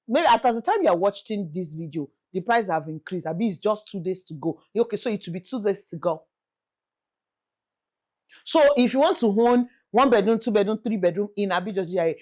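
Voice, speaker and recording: A young woman with a Nigerian accent chats to her viewers in a lively, animated way. Her pitch sits a little high and swings widely as she pleads and jokes. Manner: animated, pleading, mixes in Yoruba phrases. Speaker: real estate vlogger host. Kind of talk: casual chat to camera.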